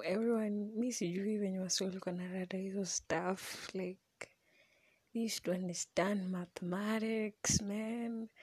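A woman's voice: medium pitch, breathy edge, no echo. A young woman with a Kenyan accent telling a personal story in a mostly whispered voice, mixing English with Swahili slang.

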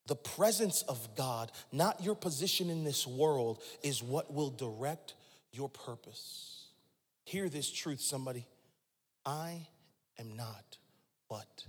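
A man in his forties preaching a sermon, swinging from hushed lines to shouts and calling out to the congregation. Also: medium pitch, long reverb tail. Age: 40s. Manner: dramatic swings from hushed to shouting, call-and-response with the crowd. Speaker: pastor.

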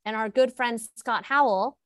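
A woman in her thirties chatting casually as a podcast co-host, animated and giggly, often trailing off mid-sentence. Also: fairly high pitch, normal speed, no echo. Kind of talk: casual chat.

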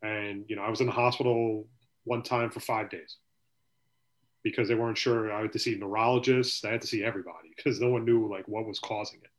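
A man's voice: lowish voice, steady tone, brisk. A man hosting a casual sports podcast, rambling and swearing, with a lot of "you know" filler. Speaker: podcast host.

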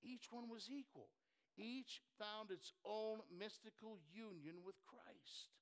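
Male preacher, fairly high smooth voice, emphatic sermon delivery with repeated phrases. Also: takes it slowly. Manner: emphatic, repeats phrases, asks the congregation questions.

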